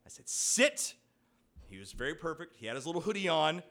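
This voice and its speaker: A man with a fairly high, bright voice tells a personal story. His pitch swings widely as he acts out the people he quotes. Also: big pitch swings, racing. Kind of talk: personal anecdote told to an audience.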